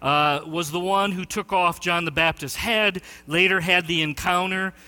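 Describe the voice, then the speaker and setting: Pastor, male, high bright voice, lively storyteller, echoing sanctuary. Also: moderate pace, clear, resonant tone. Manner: animated storytelling, shouting quoted lines. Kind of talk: sermon.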